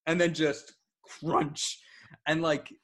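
A man's voice: on the high side, flat delivery, takes it slowly, fairly bright tone. A man co-hosting a podcast, chatting casually and wryly about a TV episode, acting out characters' lines. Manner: wry, acts out characters' lines. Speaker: podcast co-host. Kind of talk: casual chat recapping a TV episode.

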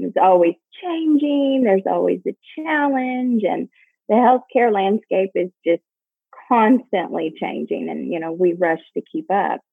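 A woman in her forties with a Kentucky accent, a healthcare executive answering interview questions in a friendly, relaxed way. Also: medium pitch, gravelly, slightly rough, dry recording. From Kentucky, USA. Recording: phone line.

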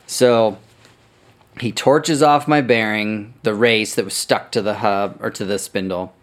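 Lower-voiced man telling a rambling story. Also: fairly even intonation, measured pace. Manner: swears freely, rambling and self-correcting. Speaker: podcast host. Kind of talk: casual storytelling.

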